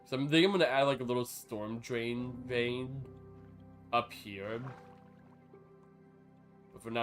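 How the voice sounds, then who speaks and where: With a fairly low voice, a man chats casually on a live gaming stream, rambling from one thought to the next and bursting into sudden excited outbursts.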